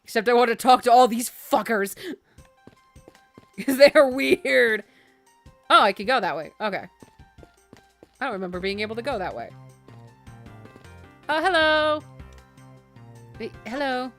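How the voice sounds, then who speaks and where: A woman's voice: a little high, lively intonation, normal speed, long pauses, soft background music. A woman streaming a game, making chatty, giggly asides between reading lines. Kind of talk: casual game playthrough commentary.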